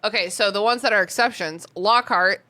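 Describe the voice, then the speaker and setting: A woman co-hosting a casual podcast, her voice bright and forward. She reads listener letters aloud and talks things over in an animated, giggly way. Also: mid-range voice, a little fast. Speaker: podcast co-host reading listener mail. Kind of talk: casual chat.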